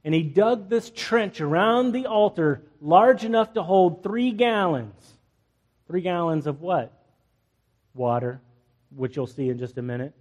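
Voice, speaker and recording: A man preaching a sermon as pastor, humorous and animated, laughing often. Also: high-pitched, unhurried. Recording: long hall reverb.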